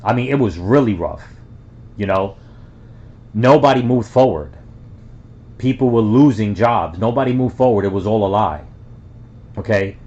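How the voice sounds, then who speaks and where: Rambling man from the Bronx, low voice. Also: a little mellow. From the Bronx, New York. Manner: rambling, with many fillers and restarts. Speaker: reaction video host. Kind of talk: casual reaction commentary. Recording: dull lo-fi sound.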